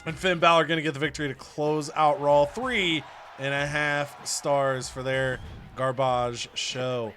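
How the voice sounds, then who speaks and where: A man runs through match results in a casual, excitable commentary style, breaking into loud laughs now and then. His voice is bright and sits a little high. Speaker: host.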